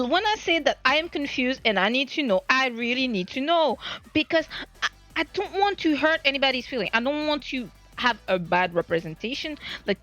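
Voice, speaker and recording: A woman's voice: fairly high pitch, fairly bright tone. A woman streamer talking in a casual live-stream monologue, rambling and flustered, often stammering and restarting her sentences.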